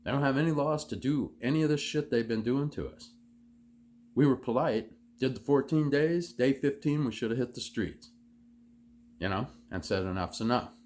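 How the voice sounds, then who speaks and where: A man's voice: mid-range voice, normal speed, a little mellow. A man from the United States hosting his own commentary show, delivering an angry, sneering, heavily profane monologue. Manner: angry, sneering, swears constantly. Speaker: host of a solo commentary show.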